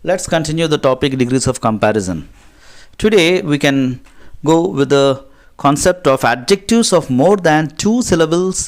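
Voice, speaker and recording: A male English teacher with an Indian accent talks through a grammar lesson. He reads word lists aloud and drills each word slowly, stretching it with rises and dips in pitch. His voice sits at a middle pitch.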